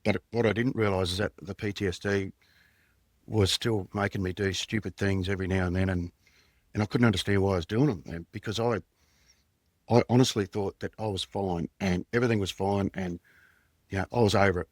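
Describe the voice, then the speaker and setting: A man in his fifties with an Australian accent recalls his past as a former undercover detective. His voice sits low, and the sound is close and dry with no room around it. He talks plainly and rambles a little, dropping in casual slang. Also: steady tone, a little fast, no room sound. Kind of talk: candid storytelling in conversation.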